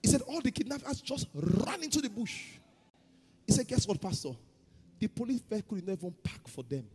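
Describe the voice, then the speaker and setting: A man preaching a sermon as pastor, shifting between loud chanted prayer and quiet storytelling. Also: high-pitched, very animated, a little fast, breathy edge, long reverb tail. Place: church hall.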